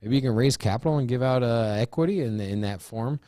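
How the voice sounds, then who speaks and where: A man's voice: medium pitch, brisk, mellow, no echo, studio quality. A man co-hosting a casual crypto show, rambling through his points with many restarts and "you know"s. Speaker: co-host. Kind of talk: casual chat.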